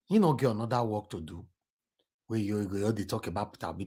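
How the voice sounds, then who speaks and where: A man's voice: medium pitch, fast talker, husky. A Nigerian man hosts a live online talk show, his voice rising and falling as he teases his callers. He slides easily between Pidgin and English. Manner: animated, switches between Pidgin and English, teasing. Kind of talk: live stream chat with callers.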